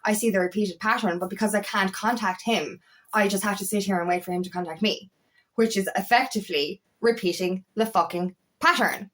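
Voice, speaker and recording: A woman's voice: medium pitch, brisk, fairly bright tone. A woman talking as an empowerment coach in a personal vlog, candid and emphatic, swearing freely as she speaks.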